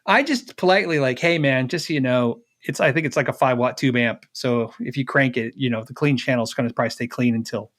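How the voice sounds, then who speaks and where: A man's voice: mid-range voice, fast talker, few pauses, fairly bright tone. A middle-aged man, a guest on an interview, telling a personal story casually, acting out the dialogue with fillers and laughs.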